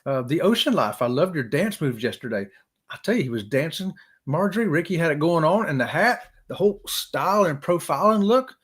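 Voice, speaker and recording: A man's voice: on the high side, lively intonation, brisk, a bit bright, husky. A man hosting a live stream, chatting casually with viewers in an upbeat, joking, folksy way. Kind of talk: casual chat reading viewer comments.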